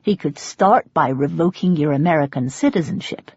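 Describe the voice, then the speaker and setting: A woman putting on a terse older American dad, storybook, dry breathy voice, dull lo-fi sound. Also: low-pitched, moderate pace, a little mellow, no echo. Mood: firm. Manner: terse and firm. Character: gruff secretive older American father. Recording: dull lo-fi audio.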